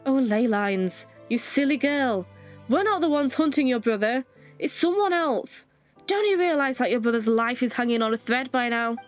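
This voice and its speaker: A woman's voice: a little high, animated, moderate pace, close to an everyday voice. A woman voicing a smug, condescending cult operative in a game who makes threats. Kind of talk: fan voice-over of a game scene. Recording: dull lo-fi with faint music.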